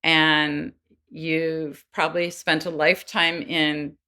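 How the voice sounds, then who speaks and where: A woman's voice: sits low, flat delivery, slow pace, pushed and bright. A woman guest on a podcast interview, explaining earnestly and acting out quoted voices now and then. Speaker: guest expert on child development.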